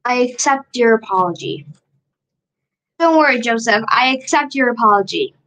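A woman's voice: a little high, expressive, moderate pace, fairly bright tone, low-quality recording. A woman streaming live, chatting casually to herself while she shares her screen and repeats her questions.

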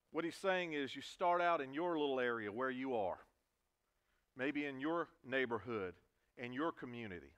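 A male pastor delivers a sermon in a church with a mid-pitched voice. He talks in an earnest way, pressing on single words and repeating lines to drive a point home. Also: a bit bright. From Virginia, US. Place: church sanctuary.

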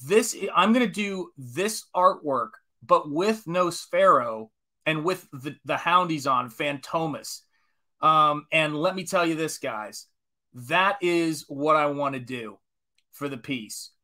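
A man's voice: fairly high pitch, expressive, takes it slowly, sharp tone. A man in his forties, an artist chatting casually on a live stream while painting, enthusiastic and rambling as he greets viewers. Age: 40s.

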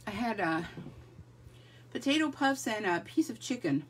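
A woman's voice: fairly high pitch, big pitch swings, normal speed, far from the mic, a little hiss or hum. A middle-aged woman hosting a live crafting stream, chatting casually and greeting viewers by name. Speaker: livestream crafting host.

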